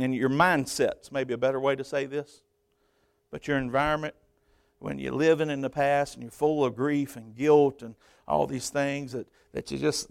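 A man preaching from a church pulpit, swinging between loud, high-pitched emphasis and quieter conversational asides. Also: gravelly, clear, resonant tone, no echo. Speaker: pastor. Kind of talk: sermon.

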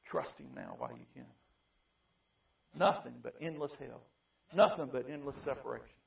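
A man preaching a fiery sermon, moving between quiet pleading and loud shouting. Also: mid-range voice, normal speed, vocal fry. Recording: distant, dull lo-fi mic.

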